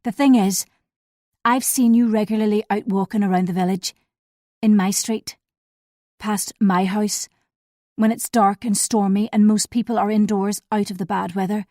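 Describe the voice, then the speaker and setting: A guarded, awkward man who hedges as he speaks, read by a woman. His voice sits at a middle pitch with a mellow, darkish tone and a dry, close sound. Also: fairly even intonation, moderate pace, no echo, close to an everyday voice. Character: male friend, awkward and guarded.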